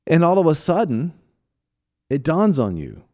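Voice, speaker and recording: A man co-hosting a Christian talk show, teaching in casual chat as an animated storyteller who laughs often. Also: on the high side, a little slow, muffled recording.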